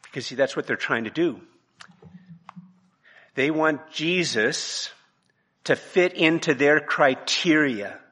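A man preaching a sermon from his notes, emphatic, dropping to a hush and then rising to loud, pressing points. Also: on the high side, takes it slowly, long pauses, husky. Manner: emphatic, swings from hushed to loud.

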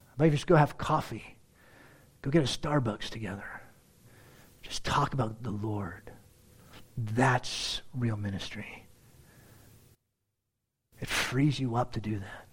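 A man preaching a sermon as pastor, conversational and animated, talking straight to his congregation. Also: mid-range voice, measured pace, pauses often, slightly rough. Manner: animated, acts out everyday dialogue in different voices; conversational, addresses the congregation directly.

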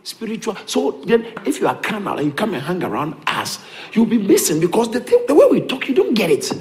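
Male pastor, high and very lively voice, repetitive sermon delivery with chuckles. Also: fairly quick. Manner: animated, repetitive preaching, chuckles between points.

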